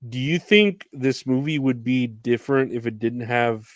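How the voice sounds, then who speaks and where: A man co-hosting a casual podcast chat, laid-back and quick to laugh. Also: medium pitch, no room sound, studio quality. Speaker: podcast co-host.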